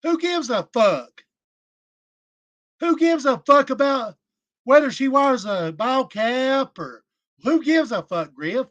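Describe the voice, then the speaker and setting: A man with a high voice gives slow, deliberate livestream commentary. His tone is scornful and mocking as he picks apart someone else's words. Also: animated, a bit bright, dull audio.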